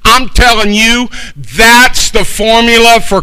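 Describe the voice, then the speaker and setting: A man preaches a sermon in a high, piercingly bright voice. He rises to shouted peaks, then drops to soft, slow asides. Between scripture passages he tells folksy, homespun stories. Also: lively intonation, low-quality recording. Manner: folksy storytelling with homespun humor.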